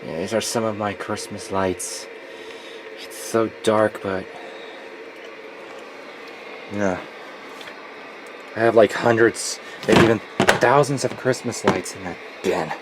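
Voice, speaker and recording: Speaking slowly with long pauses, a man in his twenties uses a steady, low-ish voice for a casual vlog from his home closet. He's gloomy and nostalgic, complaining with plenty of swearing, and the home recording is noisy.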